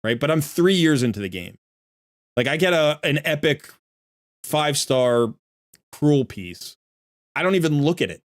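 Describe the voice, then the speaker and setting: A man with a fairly high, sing-song voice speaks at a measured pace, pausing often. He's streaming a game and coaching his viewers in casual livestream commentary, blunt and emphatic, repeating himself a lot. He sounds a bit irritated as he sorts through his gear.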